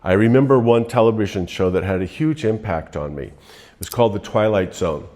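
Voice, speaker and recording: A man giving a relaxed, rambling motivational talk, telling stories to make his points. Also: lowish voice, fairly quick. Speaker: motivational speaker.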